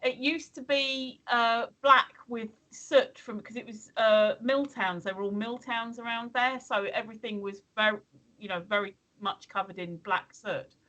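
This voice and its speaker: A woman's voice: on the high side, fairly even intonation, unhurried, bright, forceful tone, poor audio. An English woman in casual chat on a live stream, rambling and hesitant with many ums. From England. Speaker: stream co-host.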